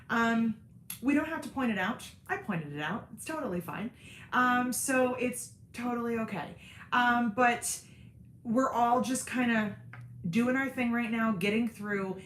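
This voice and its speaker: A woman's voice: fairly high pitch, echoey room, slight background noise. A tired woman hosting a casual livestream from home, talking candidly and rambling with lots of "um"s. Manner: candid, self-deprecating, rambling with many "um"s. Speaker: host of a sewing and cork craft channel. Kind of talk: casual livestream chat with viewers. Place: home, seated indoors.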